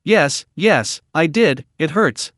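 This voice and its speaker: A man's voice: a little high, expressive, takes it slowly, a bit bright, no room sound, clean studio sound. A man voicing a small, tearful girl in a storybook recap, whimpering and pleading.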